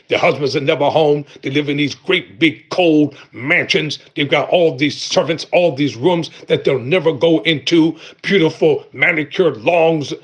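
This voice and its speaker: A middle-aged man hosting a livestream, giving an impassioned motivational monologue in an emphatic, preacherly way, with loud bursts and low, intense stretches. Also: breathy edge. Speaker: host of a livestream talk.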